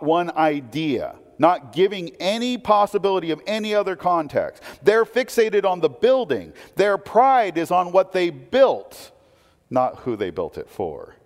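A man preaching a sermon with a fairly high voice, talking conversationally and tossing in rhetorical questions. He swings from loud emphasis to quiet asides, and his words ring out with a long reverb as if in a large hall. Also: very animated, a little slow. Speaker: pastor.

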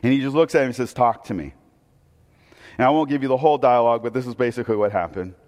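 A man preaching a sermon, telling a story that swings between loud excitement and hushed, intense moments. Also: medium pitch, rapid-fire. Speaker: pastor. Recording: long hall reverb.

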